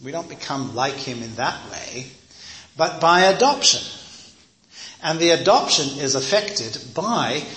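A man's voice: fairly high pitch, lively intonation, unhurried, sharp tone. Chatty preacher man in a roomy echo. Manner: conversational, digressive, often says "you see". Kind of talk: teaching sermon with personal anecdote. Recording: roomy echo, faint ambience.

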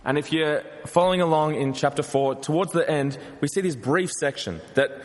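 A man's voice: a little high, moderate pace, big-room sound. A man preaching a sermon in an earnest manner, asking the listeners rhetorical questions.

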